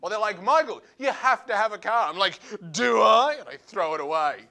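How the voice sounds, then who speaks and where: A man doing a stand-up routine, animated and acting out voices in quick asides. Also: high-pitched. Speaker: stand-up comedian.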